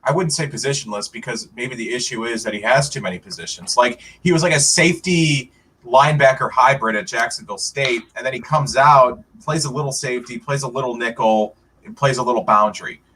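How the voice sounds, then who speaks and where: Brief: male co-host, mid-pitched, bright voice, relaxed chatty sports talk. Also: fairly quick, a little hiss or hum. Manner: relaxed, chatty, often says "like". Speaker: podcast co-host. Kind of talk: casual sports podcast discussion.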